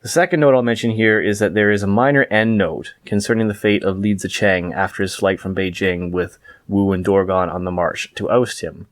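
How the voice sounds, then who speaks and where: A man reading a scripted book review in a measured, wry way. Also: lowish voice, steady tone, dry recording.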